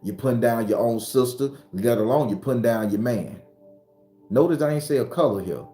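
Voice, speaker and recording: A man's voice: medium pitch, a little fast. Blunt, profane preacher-like man. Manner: blunt, profane, preachy, rising to shouts when retelling arguments. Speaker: spiritual advisor and channel host. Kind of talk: impassioned motivational monologue. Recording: roomy recording with faint background music.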